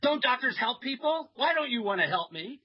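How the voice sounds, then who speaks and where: A man's voice: sing-song, fairly quick, heavily acted. A man voicing a demanding, evasive woman caller who accuses him of not wanting to help. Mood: plaintive, accusing. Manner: plaintive, accusing, high-pitched. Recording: dull lo-fi radio sound.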